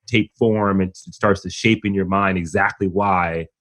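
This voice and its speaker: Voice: low-pitched, fairly even intonation, normal speed, fairly bright tone. A podcast co-host asking a thoughtful follow-up in casual talk, often restarting sentences. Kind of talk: casual interview chat.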